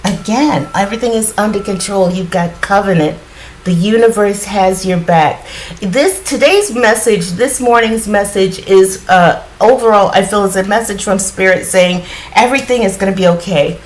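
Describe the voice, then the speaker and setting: A woman giving a casual spiritual card reading in a groggy morning voice, often clearing her throat and rambling reassuringly with lots of fillers. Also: medium pitch, moderate pace, slight background noise, low-quality recording. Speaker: tarot card reader.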